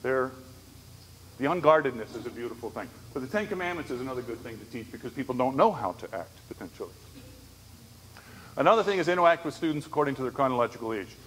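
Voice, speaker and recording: A man's voice: mid-range voice, lively intonation, quick pace, fairly bright tone. A man giving a conversational church conference lecture on disability ministry, telling stories and checking in with the audience. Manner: conversational, storytelling with frequent "right?" asides. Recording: echoey hall, faint background noise.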